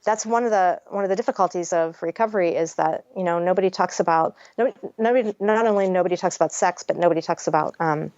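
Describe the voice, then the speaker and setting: Talking fast with few pauses, the guest author has a lowish, slightly mellow voice as she chats frankly about her life in a podcast interview, swearing throughout. No room sound; the audio is dry and a little dull.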